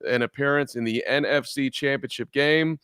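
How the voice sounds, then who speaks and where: A man's voice: medium pitch, normal speed, fairly bright tone, smooth, no echo, clean studio sound. A man co-hosting a sports podcast, chatting playfully with jokes and stammered restarts. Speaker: podcast co-host. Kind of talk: casual sports talk.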